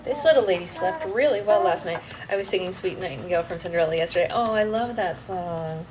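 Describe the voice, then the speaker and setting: A young woman hosting a casual livestream chat, talkative and warm with viewers, now and then breaking into song. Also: fairly low pitch, fast, hardly any pauses. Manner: chatty, breaks into singing. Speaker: book club livestream host. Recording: loud background hum.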